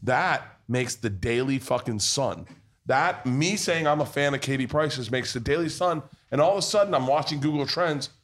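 A man's voice: medium pitch, lively intonation, moderate pace, a bit bright. A man hosting a podcast, telling rambling, profane anecdotes in casual chat at a pub. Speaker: podcast host.

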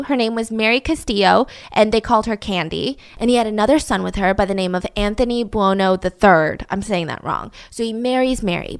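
A woman hosting a true crime podcast, telling the story in a chatty, heavily sarcastic, mock-admiring way and speaking straight to her listeners. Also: fairly high pitch. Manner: chatty, addresses listeners directly. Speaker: podcast host.

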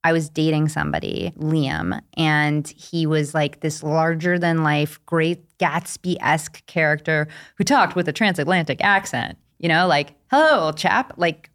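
A woman author, a guest in a casual interview chat, tells personal stories candidly in a low voice at a measured pace with few pauses. She's animated and acts out the lines she quotes.

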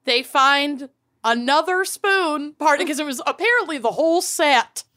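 A high, bright woman's voice, swinging widely in pitch as she tells a story. She co-hosts a casual chat podcast, animated and exasperated and quick to swear. The sound is dry and close, with little room echo. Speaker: podcast co-host.

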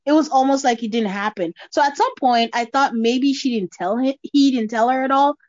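Woman, fairly high voice, animated podcast host who acts out quotes, dull dry lo-fi sound. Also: brisk, dry recording. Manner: animated storytelling, acting out quotes with a laugh. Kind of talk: casual chat recapping a reality show.

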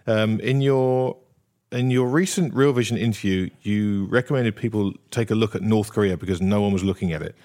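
A man hosting an interview, hesitant, with many pauses and restarts. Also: lowish voice, darkish tone. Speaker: interview host.

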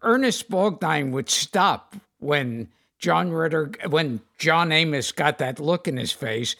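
A man co-hosting a casual interview, telling a story in a halting way with repeated words. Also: fairly high pitch, expressive, pushed and bright. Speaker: podcast co-host.

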